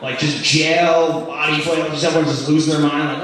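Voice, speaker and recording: A man doing a stand-up comedy set in a rambling style full of "like" fillers, with sudden loud outbursts. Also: on the high side, moderate pace. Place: comedy club stage. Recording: echoey club recorded from far off with audience. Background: audience laughter.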